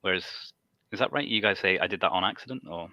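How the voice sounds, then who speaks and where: British guy, laughy casual chat, low voice, bright tone. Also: quick pace, dry recording, dull audio. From United Kingdom. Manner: chatty, laughs often.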